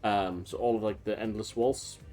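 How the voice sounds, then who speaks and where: This game streamer keeps up relaxed let's-play chatter, wandering off on long tangents thick with fillers. His lowish, darkish voice holds fairly even intonation at a moderate pace, with faint game music playing underneath.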